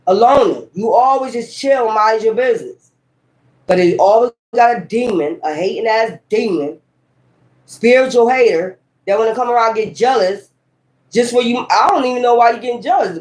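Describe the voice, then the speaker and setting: A woman's voice: mid-range voice, a little mellow, poor audio. A woman giving a casual tarot reading to camera, talking bluntly and heatedly, cussing often and breaking into sudden exclamations. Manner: rambling and emphatic, with sudden exclamations. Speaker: tarot reader.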